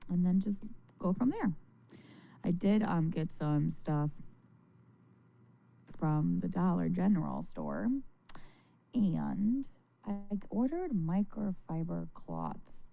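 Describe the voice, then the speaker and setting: Sleepy mom on a livestream, gravelly low voice, rambling and frank, lots of ups and downs. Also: female voice, very animated, slow, long pauses, mellow. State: tired. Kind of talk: casual livestream chat.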